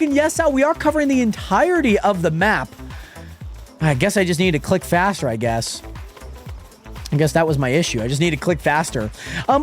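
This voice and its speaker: Animated young man streaming a game. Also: high voice. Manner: animated, swings between excited greetings and exasperated muttering. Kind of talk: casual live-stream chat while gaming.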